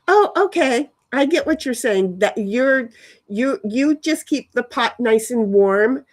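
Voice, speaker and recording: A woman vlogging outdoors on a phone, chatting in a meandering way with many restarts and sudden excited leaps in her voice. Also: a little high, slow pace. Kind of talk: rambling casual monologue. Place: outdoors in a yard.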